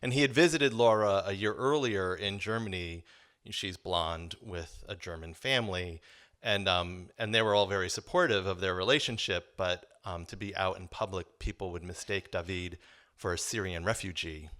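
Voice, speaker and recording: Low-voiced man telling a personal story. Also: moderate pace, fairly bright tone. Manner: reflective, earnest, many um fillers.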